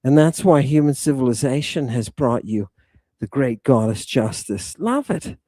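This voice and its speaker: A man's voice: medium pitch, moderate pace, mellow, no room sound, studio quality. A man hosting a livestreamed lecture, combative and emphatic, addressing his audience directly and repeating his points. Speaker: host.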